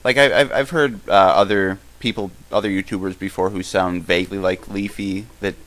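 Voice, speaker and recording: Low-voiced young man chatting loosely. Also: fairly even intonation, fairly bright tone. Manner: rambling, halting, many restarts. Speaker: podcast co-host. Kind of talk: casual live-stream Q&A chat.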